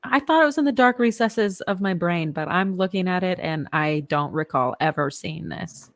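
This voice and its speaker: Lower-voiced woman co-hosting a podcast. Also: animated, moderate pace. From Indiana, USA. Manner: chatty, laughs often. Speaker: podcast co-host. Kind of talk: casual podcast chat.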